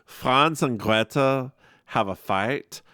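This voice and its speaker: With a slow pace and a clean, medium-pitched tone, this podcast co-host retells an episode in relaxed conversation. The studio sound is clean, with no room sound. He's giggly and animated, dramatizing the quotes.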